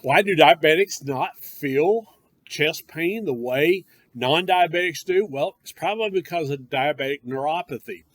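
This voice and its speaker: A man's voice: a little high, unhurried, dry recording. A man teaching a paramedic class, speaking emphatically and conversationally and addressing his students directly. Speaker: paramedic course instructor. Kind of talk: classroom lecture.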